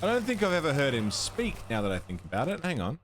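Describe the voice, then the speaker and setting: Lively-voiced man thinking aloud on stream. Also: fairly high pitch, fast talker, faint music behind. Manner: thinking aloud, muttering, swearing; bursts of excited chat greeting viewers. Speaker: livestreamer playing a puzzle game. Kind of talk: live gameplay commentary.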